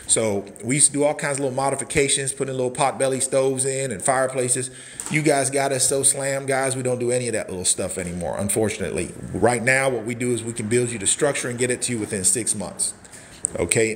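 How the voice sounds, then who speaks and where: A man in his forties giving a casual walkthrough of a prefab cabin, folksy and hyped up, shouting catchphrases and whooping between points. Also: fairly low pitch, slight background noise. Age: 40s. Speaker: cabin seller and social media host.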